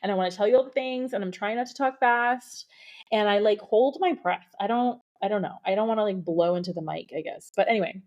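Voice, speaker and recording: A woman hosts her own podcast and talks straight into the microphone, excited and gushing, full of fillers. She sounds a little out of breath, and her voice is mellow and warm, not bright. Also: mid-range voice, fairly quick. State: a bit out of breath. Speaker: podcast host, beauty industry coach. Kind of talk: solo podcast monologue.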